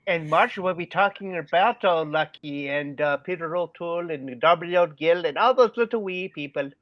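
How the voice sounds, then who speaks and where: A man's voice: a little high, normal speed, no room sound. A man co-hosting a casual podcast, playful and hesitant, with filler words. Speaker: podcast co-host. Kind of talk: casual chat, hammy reading of quotes in put-on accents. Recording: dry, dull lo-fi sound.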